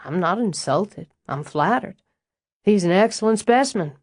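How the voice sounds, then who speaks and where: A woman's voice: medium pitch, animated, normal speed, a little mellow, dry recording, clean studio sound. A woman voicing Roz, a frank, wry and elegant older estate owner with a Southern accent, in an audiobook reading. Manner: blunt and dryly amused.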